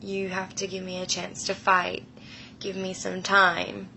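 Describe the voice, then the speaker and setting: A woman in her thirties tells a frightening personal story slowly, her voice gravelly and bright. She speaks with emotion and often sinks to a hush. Faint noise sits behind her. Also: mid-range voice, completely flat delivery, poor audio. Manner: slow, hushed, emotional retelling that drops to whispers.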